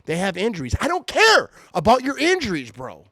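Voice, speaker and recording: A man's voice: high voice, wildly swooping pitch, a little fast, sharp tone, no room sound. A man hosting his podcast from home at night, ranting in a fired-up, irritated way and stumbling over repeated restarts. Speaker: podcast host. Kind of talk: heated sports fan rant. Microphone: podcast mic.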